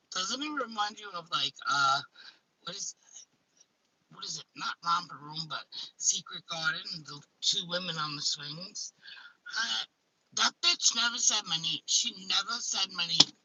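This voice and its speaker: A woman with a very bright, husky voice talks in an unscripted, casual way. She is blunt and emphatic and swears freely. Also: fairly low pitch, lively intonation, moderate pace, poor audio. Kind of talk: casual chat.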